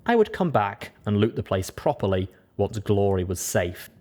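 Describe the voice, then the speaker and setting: A man narrating a first-person story as an audiobook reader, steady and measured. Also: lowish voice.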